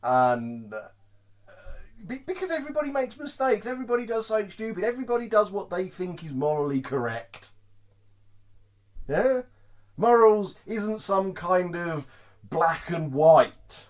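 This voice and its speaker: A man's voice: high-pitched, a little slow. A man vlogging as a truck driver, ranting casually to camera, often laughing and checking in with the viewer. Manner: lively, keeps asking "Yeah?" to the viewer; laughs often between points.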